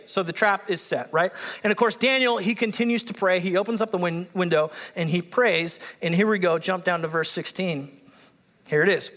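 A man preaching a sermon, reading scripture aloud and breaking off into excited commentary. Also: sits high, big-room sound. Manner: animated, excitable, acts out biblical characters with voice shifts. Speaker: pastor.

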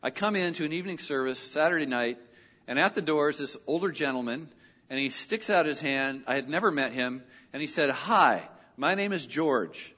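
A middle-aged male pastor telling a personal story in a sermon, animated and lively when he quotes other people. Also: on the high side, brisk. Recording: dull audio with long hall reverb.

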